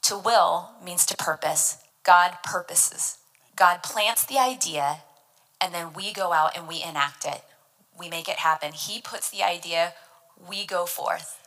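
Earnest woman teaching scripture, bright tone. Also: fairly low pitch, measured pace, poor audio. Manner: earnest, emphatic, explains scripture word by word. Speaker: devotional teacher. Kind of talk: devotional Bible teaching.

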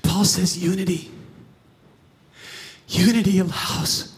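A man's voice: sits high, steady tone, slow pace, big-room sound. A man preaching a sermon as pastor, emphatic and asking the congregation questions. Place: church sanctuary.

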